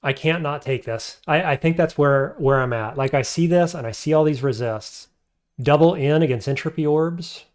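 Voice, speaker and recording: A man's voice: fairly high pitch, normal speed. A man streaming a game, thinking aloud as he weighs his options and answers chat. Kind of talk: casual live-stream commentary.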